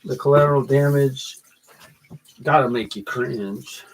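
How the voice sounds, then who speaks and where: A man's voice: mid-range voice, a little slow, a little hiss or hum, poor audio. A man working through rhyming lyrics aloud, trying lines over and over and then reciting the verse. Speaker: rapper writing lyrics.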